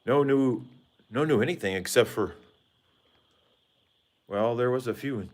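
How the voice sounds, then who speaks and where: A man's voice: mid-range voice, unhurried. A man rambling casually and joking with viewers during a live stream, talking into his phone on a side porch outdoors. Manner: rambling, jokey, talks to viewers. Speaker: vlogger. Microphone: phone held by hand.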